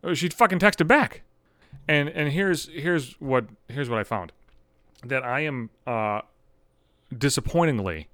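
Man in his thirties, podcast host, swearing storyteller, wild swings in pitch, dry close sound. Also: moderate pace, dry recording. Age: 30s. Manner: animated, swearing, ranting with rising exasperation. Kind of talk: profane personal storytelling monologue.

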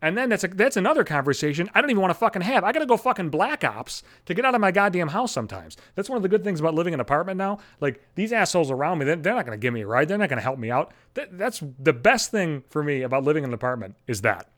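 A man's voice: on the high side, big pitch swings, rapid-fire, few pauses, fairly bright tone. A man hosting a solo podcast, rambling through a casual monologue full of profanity. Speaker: podcast host.

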